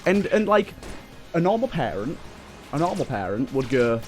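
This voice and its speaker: A young man with a British accent chats casually while he plays, his voice sitting a little high for a man. He rambles and restarts his sentences as he tells a story. Faint game music plays behind him. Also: very animated, moderate pace. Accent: British English. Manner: rambling, with frequent restarts and fillers. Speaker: let's play host. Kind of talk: casual storytelling over gameplay.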